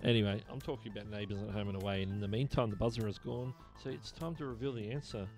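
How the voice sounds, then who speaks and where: A man's voice: fairly low pitch, steady tone, fast talker, a little mellow, faint music behind. A man with an Australian accent hosting a casual live-stream trivia show, chatting and reading viewer messages aloud. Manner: chatty, reads chat messages aloud, chuckles often. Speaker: livestream host.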